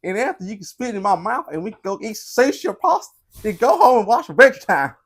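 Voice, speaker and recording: A man putting on the voice of a giddy young country woman in a squealing falsetto. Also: very animated, quick pace, a bit bright, exaggerated voice.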